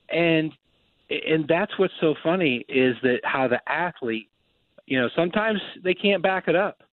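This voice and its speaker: A man hosting casual racing talk, telling stories with lively quoted voices. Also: on the high side, unhurried, no room sound. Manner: animated storyteller, acts out quotes. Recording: dry tinny phone-like sound.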